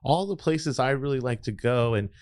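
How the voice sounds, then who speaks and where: This Los Angeles-area podcast guest has a mid-range, slightly mellow voice with lively intonation, moving at normal speed. He wanders through his own story in a reflective, rambling way, casual interview style, and the studio sound is clean with no echo.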